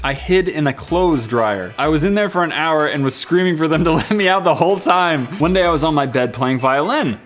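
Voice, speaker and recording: Upbeat male vlogger reading comments. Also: fairly high pitch. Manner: playful, jokey, animated. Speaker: vlog host. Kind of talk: reading viewer comments aloud.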